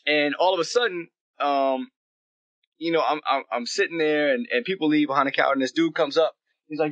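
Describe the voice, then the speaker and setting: A man guest on a casual podcast call, telling a story in an animated way and acting out bits of dialogue. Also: a little high, no room sound. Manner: animated, acts out dialogue in quick bursts. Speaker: guest actor.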